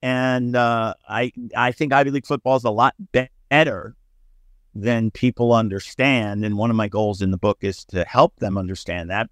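A middle-aged man from the United States tells stories as a podcast guest. He talks in an animated, anecdotal way at a middle pitch. The recording is dry and close. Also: no room sound. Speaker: sportswriter guest. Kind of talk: storytelling podcast interview.

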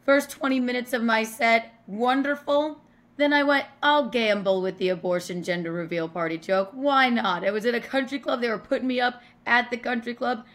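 A woman comedian, a guest on a podcast, telling a stage story in a casual, animated way with swearing and laughter. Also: on the high side, moderate pace.

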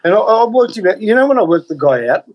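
A man co-hosting a radio chat, telling animated stories and mimicking the people in them. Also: high voice, fast talker, muffled recording. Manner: animated anecdotes, mimics others. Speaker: radio co-host. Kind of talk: casual radio chat and storytelling.

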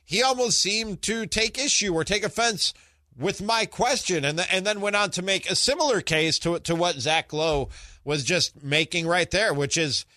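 Bright-voiced man hosting a sports podcast. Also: high voice, moderate pace, dry recording, studio quality. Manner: conversational, restarts phrases often. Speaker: podcast host. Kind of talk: casual sports talk.

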